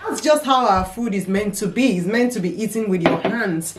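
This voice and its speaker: A Nigerian woman with a Nigerian accent, a mother chatting while eating, animated and chiding. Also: medium pitch, moderate pace, far from the mic, noisy background. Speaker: mother co-hosting a mukbang. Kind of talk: casual chat while eating. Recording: echoey room, off-mic, dish clatter.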